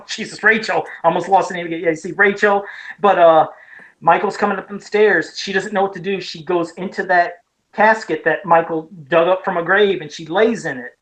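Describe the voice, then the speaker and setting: A woman's voice: lowish voice, steady tone, normal speed, poor audio. Eager rambling woman podcast co-host. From Ohio, USA. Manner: eager, rambling retelling with many restarts. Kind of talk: casual podcast chat about horror films.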